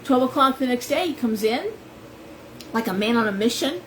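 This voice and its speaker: A woman's voice: fairly high pitch, animated, moderate pace, a little hiss or hum, rough recording. A woman who runs a tarot shop, chatting with viewers on a live stream and rambling into stories. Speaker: shop owner and tarot reader.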